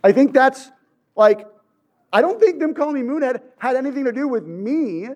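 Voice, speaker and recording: A man telling a personal story in an animated, conversational way, often checking in with "right?". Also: extremely high pitch, moderate pace.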